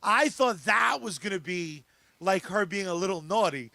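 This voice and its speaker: A man hosting a podcast in casual chat, riffing excitably with plenty of swearing. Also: high-pitched, normal speed, creaky, no echo. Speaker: podcast host.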